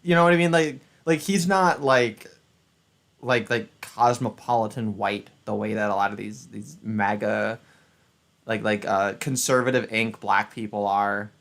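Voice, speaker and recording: A man's voice: fairly low pitch, fairly even intonation, measured pace, creaky, a bit bright. A man hosting a casual chat stream, rambling and sarcastic, often restarting his sentences. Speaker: streamer and channel host.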